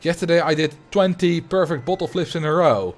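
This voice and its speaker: A man with a Dutch accent chatting casually while he livestreams a game, rambling and thinking out loud at a desk mic. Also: a little high, fairly quick. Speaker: streamer.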